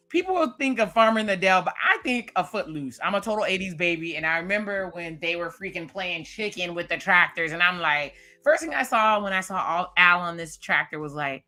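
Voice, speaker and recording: Bright-voiced woman recapping a TV episode. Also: on the low side, normal speed, faint music behind. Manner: animated, acts out her own reactions to scenes. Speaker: TV recap vlogger.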